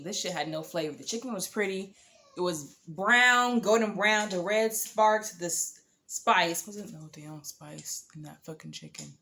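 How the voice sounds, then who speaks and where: A woman's voice: mid-range voice, expressive, unhurried, fairly bright tone, a little hiss or hum. A woman telling a story to camera, casual and candid, swearing freely as she quotes herself and others. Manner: candid, blunt and profane, quoting others in asides; exasperated, rambling storytelling. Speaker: storytime vlogger.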